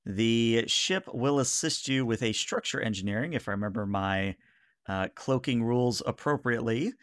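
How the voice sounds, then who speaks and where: A man's voice: mid-range voice, moderate pace, a bit bright, dry recording, studio quality. A man running a tabletop game as game master, narrating casually with many fillers.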